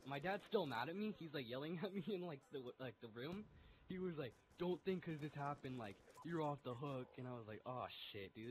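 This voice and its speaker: A man's voice: mid-range voice, slight background noise, rough recording. A man casually telling a story, rambling with lots of fillers and laughing as he goes. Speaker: vlogger.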